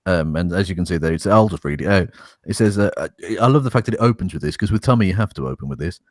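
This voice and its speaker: A man's voice: deep voice, lively intonation, fast, no room sound, studio quality. A man co-hosting a casual podcast, reading a statement aloud with wry, sarcastic asides and swearing. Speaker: podcast co-host.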